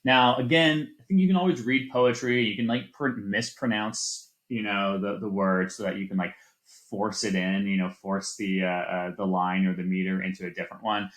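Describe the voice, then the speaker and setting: A man with a somewhat low voice gives a class lecture. He speaks in a relaxed, loose way, full of fillers and restarts. The room around him is echoey. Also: moderate pace. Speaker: teacher.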